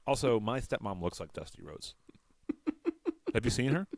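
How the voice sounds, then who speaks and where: A male comedy podcast host who rambles through a story and mocks himself. His pitch swings around a lot. The sound is dry and close. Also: very animated, moderate pace, vocal fry, dry recording. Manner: rambling storyteller, self-mocking. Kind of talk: casual comedy chat.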